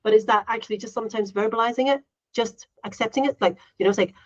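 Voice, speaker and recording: A woman's voice: on the high side, quick pace, highs cut off. Chatty woman podcast co-host saying "right?". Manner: chatty, tags sentences with "right?"; acts out her own inner voice in quotes. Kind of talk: casual chat.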